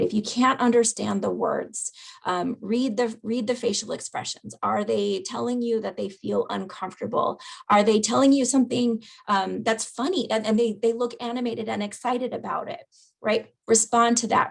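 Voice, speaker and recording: A dementia educator leads an online caregiving webinar over a video call, teaching in an easy, conversational way and asking "right?" after her points. Her middle-pitched voice carries heavy vocal fry and a husky edge.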